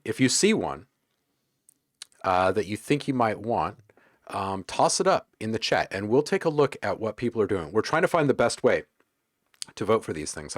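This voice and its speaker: A man hosting a casual livestream, chatting with viewers in a relaxed, joking way while browsing sound packs. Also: sits low, no echo, studio quality. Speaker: livestream host.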